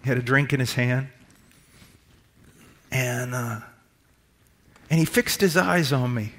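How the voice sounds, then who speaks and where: Bright-voiced preacher man, fervent. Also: mid-range voice. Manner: swings from loud, slow emphatic preaching to quiet storytelling. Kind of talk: sermon.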